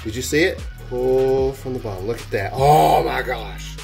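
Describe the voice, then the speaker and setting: A man hosting a hands-on craft tutorial, chatting casually and gushing with excitement as he works. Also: medium pitch, moderate pace, vocal fry, faint music behind. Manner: enthusiastic, gushing, exclaims while working. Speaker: airbrush artist and channel host.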